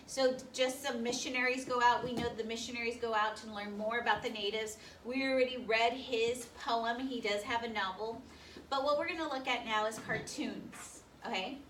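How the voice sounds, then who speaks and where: Quizzing her class with quick-fire questions, this high school history teacher speaks in a slightly high, steady voice with a touch of brightness. It was captured from a distance in a school classroom, with faint background noise.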